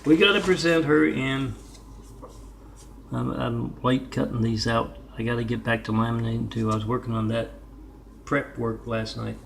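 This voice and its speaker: A man's voice: medium pitch, fairly even intonation, normal speed, gravelly, fairly bright tone, a little hiss or hum. A man talking casually on his art vlog, rambling between stories and repeatedly spelling out his web addresses. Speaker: artist vlogger.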